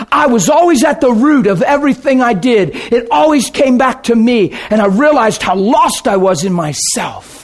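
A man preaching a sermon and telling his own conversion story, emphatic and dramatic, dropping to a hush and then shouting. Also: extremely high pitch. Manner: emphatic, dramatic, swings between hushed and shouting. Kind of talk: sermon with personal testimony.

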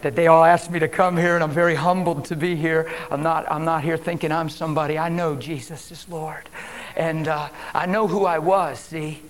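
A man preaching a sermon as a guest preacher at a church service, swinging from emphatic declarations to hushed whispers. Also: a little high, flat delivery, moderate pace.

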